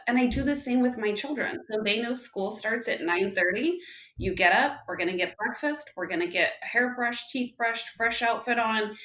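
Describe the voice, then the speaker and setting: A woman's voice: mid-range voice, measured pace. Woman telling stories in a roomy echo. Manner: animated storytelling, with lively quoted dialogue. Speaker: podcast guest. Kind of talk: casual conversational interview.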